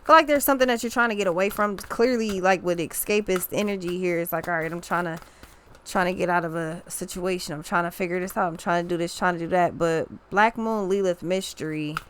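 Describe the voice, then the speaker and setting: A woman's voice: on the low side, a little fast, a bit bright, slight background noise. A young woman giving a casual tarot reading, rambling and emphatic, with slang and many restarts. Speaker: tarot reader.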